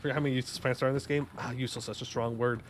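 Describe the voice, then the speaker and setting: A man's voice: mid-range voice, fairly even intonation, very fast. Chatty male streamer, faint hum behind. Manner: chatty, joking, reacts to chat and game. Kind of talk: casual live-stream gameplay chat.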